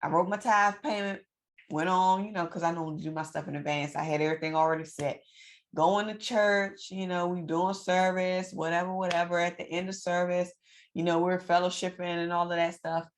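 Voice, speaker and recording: A woman telling a personal story to her viewers in a lively, preacherly way, repeating phrases for emphasis. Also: fairly low pitch, brisk. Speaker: financial coach and vlogger. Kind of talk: casual storytelling to camera.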